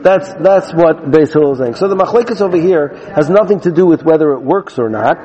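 A man's voice: on the high side, expressive, brisk, mellow, low-quality recording. A man teaching a Talmud class, reading out Aramaic lines and then explaining them in English.

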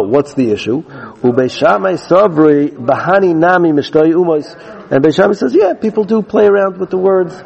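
A man's voice: on the high side, a little mellow, slightly rough, lo-fi sound. A man teaching a Talmud class, reading out Aramaic lines and then explaining them in English.

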